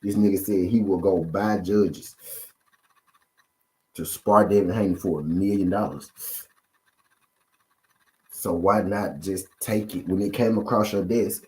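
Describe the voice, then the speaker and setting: A man's voice: sits low, steady tone, unhurried, pauses often, a little mellow. A man hosting a boxing channel, giving a casual, repetitive commentary rant full of rhetorical questions to his viewers.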